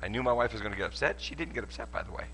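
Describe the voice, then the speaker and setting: A man preaching a sermon at a church service, animated and joking as he tells stories. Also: mid-range voice, rapid-fire, slight background noise. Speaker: pastor.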